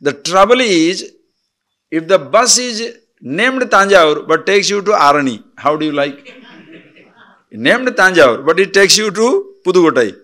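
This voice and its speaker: Man, spiritual teacher, fairly high voice, blunt rhetorical questions. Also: expressive, a little slow, sharp tone. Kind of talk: spiritual discourse.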